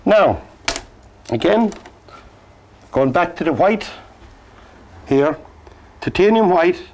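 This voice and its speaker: Cork guy teaching painting, gentle chatty asides, voice sits a bit high. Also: lively intonation, takes it slowly. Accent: Irish, Cork. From Ireland. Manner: gentle, joking, soft-spoken instructions. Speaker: painting instructor.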